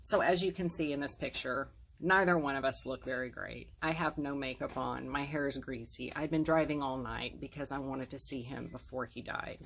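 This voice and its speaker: A woman's voice: rumbling low, moderate pace, creaky, a little hiss or hum, low-quality recording. A woman in her forties telling a painful personal story to camera, earnest and emotional, acting out the things people said. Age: 40s. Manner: earnest, emotional retelling with quoted dialogue.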